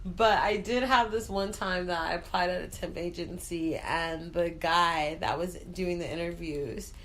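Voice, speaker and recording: A woman's voice: fairly low pitch, unhurried, fairly bright tone. A woman hosting a talk show, a bubbly, chatty storyteller who speaks frankly and swears freely. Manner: frank and profane. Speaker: host. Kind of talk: casual chat.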